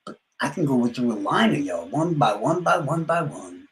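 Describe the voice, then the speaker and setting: A man's voice: medium pitch, very animated, moderate pace, a bit bright, echoey room, low-quality recording. A man trash-talking rivals on a live stream, boastful and profane, his words often trailing off into mumbles. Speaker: livestreamer.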